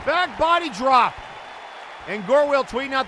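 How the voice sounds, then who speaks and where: A man calling play-by-play for an online wrestling show, excitable and bursting into frantic shouting at big moments. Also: extremely high pitch, normal speed. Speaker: wrestling commentator. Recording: loud music and crowd noise behind.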